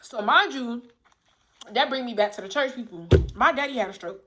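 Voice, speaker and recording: Woman talking to camera, bright clear voice, a bit high, candid and emphatic, keeps repeating stuff. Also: animated, normal speed, soft background music. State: coughing. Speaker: vlogger telling her own story. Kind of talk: casual storytelling.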